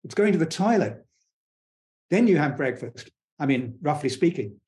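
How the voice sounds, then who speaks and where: A man speaking as a guest scientist in an interview, talking fast and enthusiastically, blunt and digressive, with frequent restarts. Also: on the high side, big pitch swings, a little mellow. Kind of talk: conversational interview explanation.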